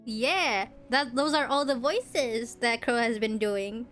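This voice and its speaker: A young woman with a high voice runs a game stream and reads a visual novel aloud, unhurried and giggly, laughing often between phrases. Soft game music plays underneath.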